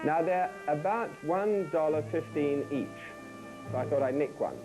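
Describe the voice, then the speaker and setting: A man's voice: on the high side, a little slow, loud music behind the voice, poor audio. A man hosting a cooking show, joking wryly with a studio audience in an archival broadcast. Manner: wry, teasing asides.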